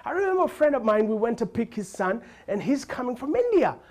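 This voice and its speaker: A middle-aged man from Uganda with a Ugandan accent, telling stand-up comedy stories with animated, constant voice switching. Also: very high voice, fast talker. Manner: animated, frequent voice switching and laughter.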